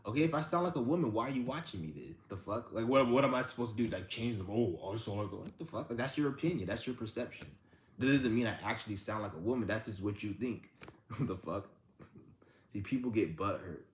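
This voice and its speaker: A man with a somewhat low voice rants through stories in a blunt, profane and animated way. His voice carries a noticeable room echo, with a faint hum in the background. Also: fast talker. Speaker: live-stream host. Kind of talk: ranting storytelling.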